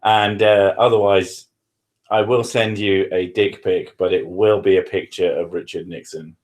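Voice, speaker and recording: A man's voice: sits low, level tone, unhurried, darkish tone. A man, hosting a live stream from his living room with crude, self-mocking banter. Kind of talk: casual live-stream chat.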